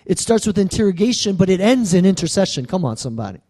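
A man with a high, light voice preaches a sermon. He talks to the congregation in call-and-response asides, drawing amens and asking if they hear him. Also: big pitch swings, fast talker, warm tone. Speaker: pastor.

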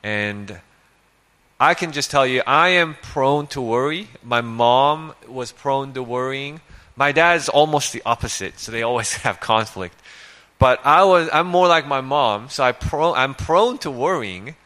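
A man's voice: medium pitch, animated, unhurried, sharp tone. A male preacher giving a conversational sermon, reading scripture and asking rhetorical questions.

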